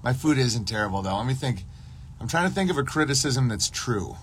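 A man's voice: mid-range voice, animated, measured pace, pauses often, slightly rough. A man hosting a casual livestream, talking in a rambling monologue full of restarts and acted-out dialogue. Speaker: podcast host.

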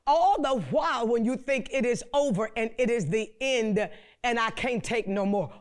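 A woman preacher delivering a fervent sermon, stretching out key words, repeating herself with stammered restarts and breaking into prayerful exclamations. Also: on the high side. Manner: fervent, repetitive, stammering restarts, call-and-response; slow drawn-out emphasis and prayerful exclamations.

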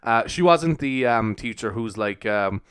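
A man's voice: mid-range voice, expressive, a little slow, fairly bright tone, smooth, dry recording, studio quality. A young man hosting a casual solo podcast, rambling with lots of fillers and frequent laughs. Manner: rambling, laughs often, heavy use of fillers. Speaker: podcast host.

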